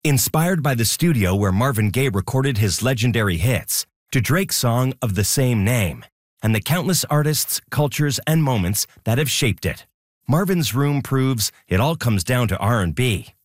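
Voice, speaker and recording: A man's voice: mid-range voice, lively intonation, normal speed, no echo. Dry-sounding male radio announcer. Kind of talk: station ID and promo read.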